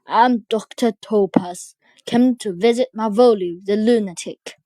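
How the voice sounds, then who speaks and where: A woman voicing a male jester who puts on a gruff, solemn doctor's voice. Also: mid-range voice, a little slow, dark tone, dry recording, lightly acted. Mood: mocking.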